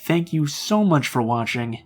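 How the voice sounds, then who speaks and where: A man's voice: on the high side, unhurried, faint music behind. Man hosting a spooky story channel. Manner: relaxed, chatty, with frequent filler "uh". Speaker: horror story narrator and channel host. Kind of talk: story reading and casual outro.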